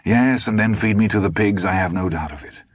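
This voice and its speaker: A man's voice: lowish voice, a little fast, no echo, pitched above the performer's own voice, close to an everyday voice. A man voicing a bitter, mocking, ailing old man in an audiobook. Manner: mocking, weak.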